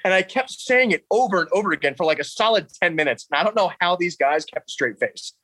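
A young man, telling a story with laughs and shouted quotes of his drill instructors. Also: sits high, animated, quick pace, slightly rough, dry recording, poor audio. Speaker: interview guest. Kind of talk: casual storytelling.

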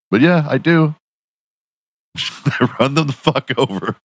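A man's voice: fairly high pitch, expressive, slow pace, long pauses, a bit bright, husky, no echo. A young man hosting a podcast, telling a profane, laughing story in casual monologue. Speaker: podcast host.

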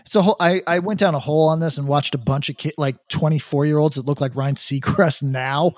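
A man's voice: on the high side, fairly even intonation, brisk, darkish tone, no room sound. A man co-hosting a podcast in casual chat, rambling and profane, stumbling over restarts. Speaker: podcast co-host.

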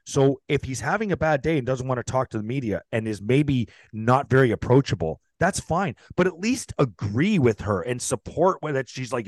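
A man co-hosting a casual sports talk show, close on the mic in a dry, deadened room. His delivery is animated and sarcastic, with plenty of swearing, at a mid pitch. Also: moderate pace, few pauses, dry recording. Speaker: sports podcast co-host.

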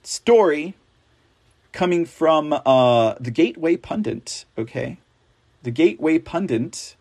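A man's voice: on the high side, animated, darkish tone. A man hosting a political news show, reading stories aloud with sarcastic, rambling, mocking asides. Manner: slow, drawn-out delivery.

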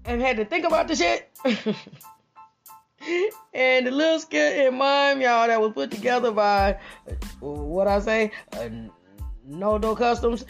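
A woman's voice: fairly high pitch, creaky. A middle-aged woman, talking casually to viewers in a profane, laughing way and repeating "y'all" often. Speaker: commentator.

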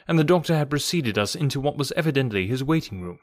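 A man reading a storybook as narrator, in a steady, even manner. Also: medium pitch, quick pace, few pauses, no room sound, clean studio sound. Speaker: audiobook narrator.

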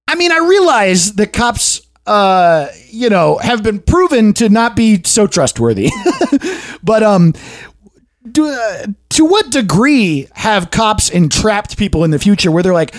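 A man's voice: high voice, a little slow, no echo, clean studio sound. A young man hosting a comedy podcast, telling a story in a casual chat and acting out the voices in it. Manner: animated, acts out voices in his stories. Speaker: podcast host.

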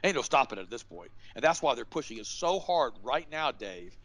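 A man's voice: mid-range voice, sing-song, a little fast, fairly bright tone, poor audio. A man speaking as a guest on a show, delivering his points in a fiery, emphatic, preacher-like way with repeated rhetorical questions. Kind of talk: impassioned interview talk.

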